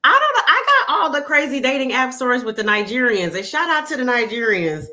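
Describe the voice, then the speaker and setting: A frank, lively woman telling stories in a casual chat, her voice bright and fairly high. She speaks openly and animatedly, quick to laugh. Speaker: guest. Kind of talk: casual storytelling.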